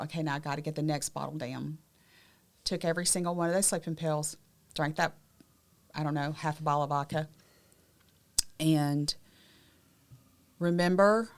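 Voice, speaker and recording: Southern woman, low-pitched, podcast co-host giving frank emotional testimony. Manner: candid, emotional, drops to quiet tones. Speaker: podcast co-host sharing her survival story. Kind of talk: personal testimony in conversation.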